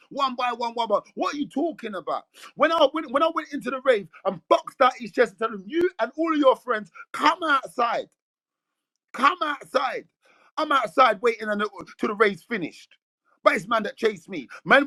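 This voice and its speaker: A man's voice: very high voice, lively intonation, moderate pace, bright, forceful tone, no room sound. A man with a London accent ranting aggressively in slang, boasting and calling people out. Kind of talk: heated rant.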